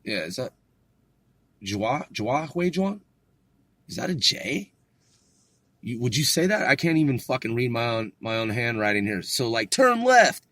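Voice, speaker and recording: A man's voice: medium pitch, animated, measured pace, long pauses, fairly bright tone. A man casually going over his study notes, joking and swearing as he sounds words out. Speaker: self-taught learner teaching vocabulary. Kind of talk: casual solo study podcast.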